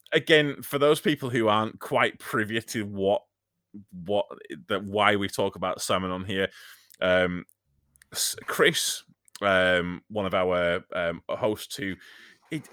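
A man's voice: on the low side, unhurried, bright, forceful tone, no room sound. Man, podcast host, rambling, jokey, full of fillers, dry close sound. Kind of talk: casual podcast chat.

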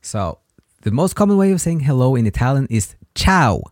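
A man's voice: no room sound, clean studio sound. A man hosting a language podcast, patiently teaching basic Italian greetings. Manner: slow, patient, lively pitch when modeling words. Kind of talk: slow language lesson.

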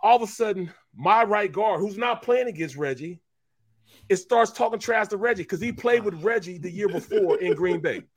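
Animated middle-aged man telling sports stories. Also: high-pitched, normal speed, slightly rough, no echo. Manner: animated, emphatic storyteller, slangy. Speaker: co-host, former pro football player. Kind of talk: sports talk show storytelling.

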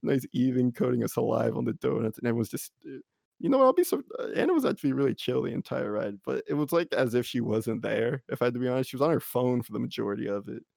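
A man's voice: mid-range voice, sing-song, quick pace, gravelly, a little mellow, dry recording, studio quality. A young man casually telling a rambling story, full of "like" and frequent laughter. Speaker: podcast co-host.

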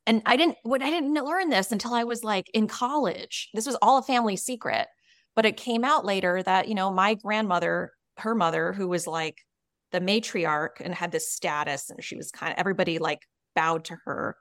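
An author and coach appears as a guest on a podcast, recounting a personal story in an earnest, frank way and leaning heavily on fillers like "you know" and "like." Her voice sits in the mid range with a fairly bright tone, and she speaks at a normal speed. The recording is dry, with clean studio sound.

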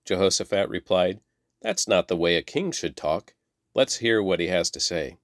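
A man reading a Bible passage aloud in a measured, plain way, lifting his voice for quoted lines. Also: deep voice, lively intonation, no room sound, clean studio sound. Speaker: Bible reader. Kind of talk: scripture reading.

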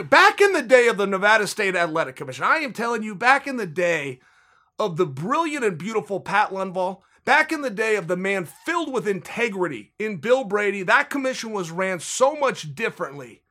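Man, podcast host, high bright voice, heated, emphatic, indignant. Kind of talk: heated sports commentary.

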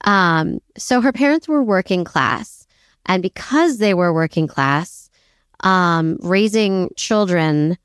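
A woman's voice: lowish voice, smooth, dry recording, clean studio sound. A woman co-hosting a casual history podcast, chatty and self-deprecating, laughing often as she tells the story. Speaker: podcast co-host.

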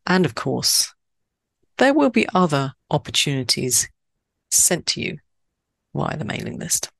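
Low-voiced woman hosting a poetry podcast. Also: big pitch swings, unhurried, gravelly. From Switzerland. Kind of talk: scripted podcast narration.

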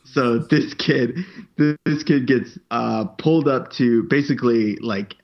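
A man casually tells a rambling, profane story, raising his voice whenever he acts out what other people said. He speaks slowly in a gravelly, mid-range voice, and the recording has its highs cut off.

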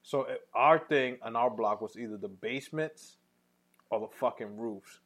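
A man in his thirties with a New York accent, telling profane, animated stories on a casual podcast. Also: mid-range voice, normal speed. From New York, Washington Heights. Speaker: podcast co-host. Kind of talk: casual storytelling chat.

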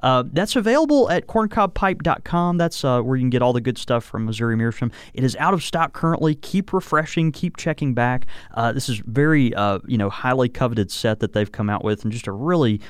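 A man's voice: medium pitch, a little fast, hardly any pauses, clean tone, dry recording. A man co-hosting a podcast, chatting easily with many ums and uhs as he talks through a sponsor. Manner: relaxed, many ums and uhs, trailing restarts. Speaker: podcast co-host reading a sponsor segment. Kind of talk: casual chat.

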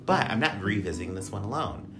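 A man's voice: on the low side, lively intonation, fast talker, over music. A man hosting a casual podcast, joking and rambling with filler words and asides. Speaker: podcast host.

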